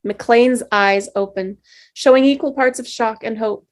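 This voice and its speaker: A woman's voice: on the high side, measured pace. Woman reading stage directions. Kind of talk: table read narration.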